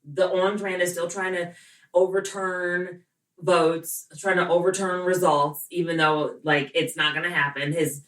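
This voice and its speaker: A woman's voice: on the low side, steady tone, a little slow, a bit bright, far from the mic. A woman co-hosting a casual podcast, blunt and indignant, swearing freely. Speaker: podcast co-host. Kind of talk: casual chat. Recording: echoey room, off the mic.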